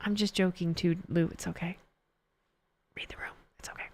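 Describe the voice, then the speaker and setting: A woman's voice: fairly low pitch, fairly even intonation, moderate pace, whispered. A woman streamer in casual live chat, joking theatrically and answering her viewers.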